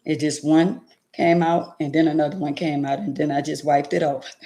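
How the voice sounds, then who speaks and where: Woman, middle-aged, gravelly, casual livestream chat, heartfelt, preachy. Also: low-pitched, steady tone, moderate pace, dark tone. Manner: heartfelt, preachy, talks to viewers by name. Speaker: livestream host.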